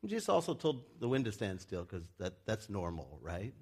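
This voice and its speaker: A man's voice: wildly swooping pitch, normal speed, breathy edge. A man who is a pastor, preaching a casual, joking sermon in a church and acting out the people he quotes. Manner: chatty and joking, acts out quoted people in loud high voices.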